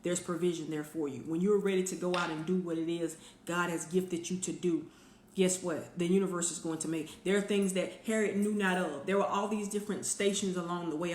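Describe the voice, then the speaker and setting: A woman hosting a weekly motivational live stream, speaking straight to her viewers in an energetic, conversational way. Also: lowish voice, reverberant, a little hiss or hum.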